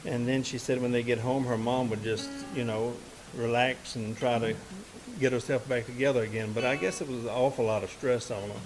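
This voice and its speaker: A man's voice: mid-range voice, fairly even intonation, brisk, music in the background, low-quality recording. Folksy man telling a story onstage. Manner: folksy, rambling, with many "and, uh" restarts. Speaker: musician and bandleader. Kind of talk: onstage storytelling to a live audience. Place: live music stage, indoors.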